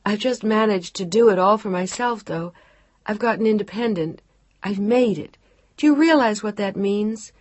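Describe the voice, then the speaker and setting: A woman voicing a young, pregnant, independent woman in an audiobook, with a playful, bright way of talking. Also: medium pitch, moderate pace, no echo, voice pushed up, lightly acted. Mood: proud.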